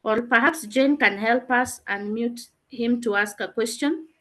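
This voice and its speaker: Woman teacher on a video call, explains and questions students, slightly high pitch. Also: a little slow, fairly bright tone. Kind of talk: online revision class.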